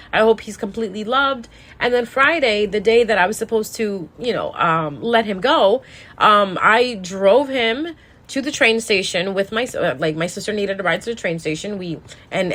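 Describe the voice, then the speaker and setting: A woman with a slightly high voice tells a personal story in a casual monologue. She sounds sad and close to tears, and often stops and restarts her sentences. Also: fairly bright tone. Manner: emotional, rambling with restarts. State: sad, tearful. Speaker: tarot reader.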